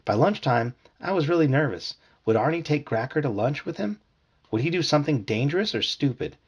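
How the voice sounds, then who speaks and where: A man reads a children's storybook aloud to his family with expressive telling. His voice is gravelly and husky, and his pitch moves in lively swings. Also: fairly quick. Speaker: parent reading aloud. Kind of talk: reading a children's book aloud.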